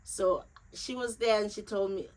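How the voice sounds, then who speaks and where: A woman's voice: medium pitch, fairly even intonation, moderate pace, rough recording. A grieving young woman vlogger telling a personal story to camera. She talks earnestly and emotionally, repeating phrases for emphasis.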